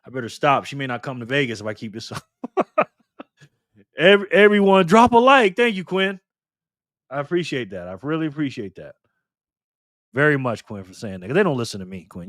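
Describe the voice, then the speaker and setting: A man's voice: a little high, a bit bright, no echo, studio quality. A man hosting a casual live stream, greeting chat members by name and teasing them in a playful way.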